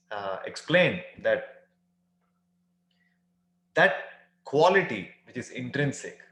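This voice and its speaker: A man giving a spiritual lecture on scripture, acting out quoted voices and pausing with fillers. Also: mid-range voice, fairly bright tone. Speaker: spiritual teacher. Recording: echoey room.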